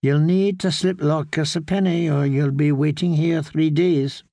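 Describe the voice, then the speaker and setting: A man reading the part of a slim young half-Dornish male acolyte who speaks in a soft drawl with an easy, knowing, gently teasing manner. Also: on the high side, steady tone, a little slow, gravelly, no room sound, clean studio sound. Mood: wry.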